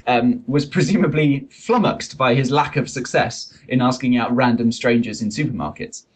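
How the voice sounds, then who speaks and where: A man's voice: mid-range voice, expressive, moderate pace, few pauses, slightly rough, poor audio. A man hosting a comic science podcast, wry and pun-loving, reading from a study. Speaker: podcast host.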